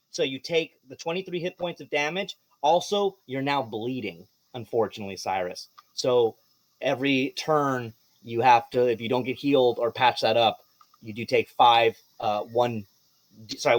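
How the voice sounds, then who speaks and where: A man running a live tabletop game as game master, narrating with animated energy, swearing and laughing. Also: mid-range voice.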